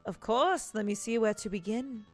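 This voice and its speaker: A woman's voice: fairly high pitch, moderate pace, darkish tone, soft background music, natural voice. A woman playing a courteous young prince. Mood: recounting. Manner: stilted attempt at a foreign accent. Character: courteous young male prince, flowery speech. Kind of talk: reading game dialogue aloud.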